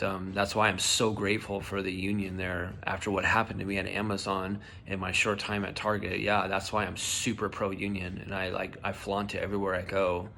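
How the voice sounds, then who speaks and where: A young man vlogs casually in a low, gravelly voice that's pushed and bright. Telling a personal story, he's heated and emotional with a shaking voice, swearing often and leaning on "like" and "dude."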